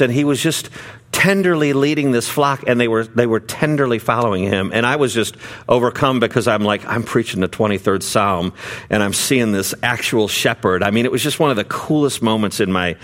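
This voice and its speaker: This is a middle-aged man of medium pitch giving a sermon as a pastor. His storytelling is easygoing and conversational, dotted with fillers and restarts.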